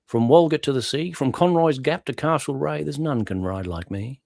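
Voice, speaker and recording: A man's voice: medium pitch, normal speed, vocal fry, a little mellow, dry recording, studio quality, voice pushed up, close to an everyday voice. A man putting on an Australian accent to declaim a boastful bushman's ballad verse aloud. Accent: Australian (put on).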